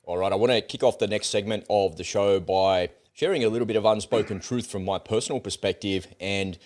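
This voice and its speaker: A middle-aged man who hosts a political commentary channel delivers a casual, blunt monologue in a fairly low voice. He's brisk, telling his story with lively, animated swings and the occasional curse.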